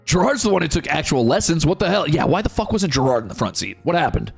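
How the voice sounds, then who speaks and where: Speaking quickly, a male streamer launches into an excitable, foul-mouthed tale for his viewers. The gravelly voice leaps up and down in pitch while soft music plays behind him.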